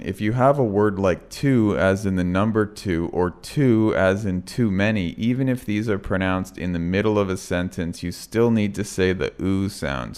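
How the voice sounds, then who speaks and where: A man with a low, deep voice and an American accent leads a pronunciation lesson. His tone is smooth and resonant, and he speaks deliberately, repeating each example sentence slowly. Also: darkish tone. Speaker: English pronunciation teacher. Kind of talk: online video lesson.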